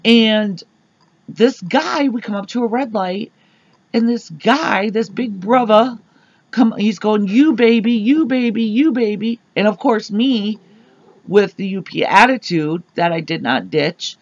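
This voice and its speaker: A woman co-hosting a podcast, telling an animated, rambling story full of fillers on a dull lo-fi recording. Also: medium pitch, slow, no room sound. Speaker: podcast co-host. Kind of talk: casual storytelling chat. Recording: dull lo-fi sound.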